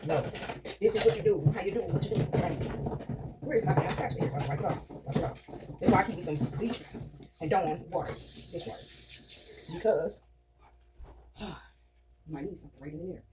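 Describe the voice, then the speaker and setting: A woman's voice: fairly low pitch, moderate pace, long pauses. A middle-aged woman vlogging casually while baking in her kitchen, chatting to viewers and asking "right?" often. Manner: chatty, addresses viewers as y'all, frequent tag questions. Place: home kitchen. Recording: loud background noise.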